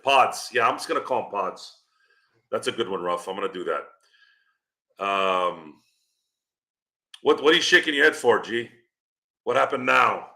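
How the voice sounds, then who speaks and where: A man's voice: medium pitch, sharp tone. A man hosting a casual sports stream, rambling and teasing the people in his chat. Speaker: podcast host.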